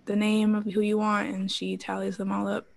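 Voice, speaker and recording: A woman in her thirties recounts a story in a relaxed interview. She talks in an animated way, laughing often and acting out the quotes of others. Her voice sits at an ordinary middle pitch. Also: normal speed, creaky. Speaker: interview guest, former pro cheerleader.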